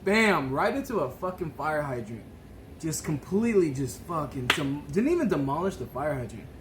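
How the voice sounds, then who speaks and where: A man on a podcast, telling a wild story in loose casual chat. He swears constantly and laughs through his own tale. His voice sits a little high, and a steady wash of noise runs under the recording. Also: moderate pace. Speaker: podcast co-host.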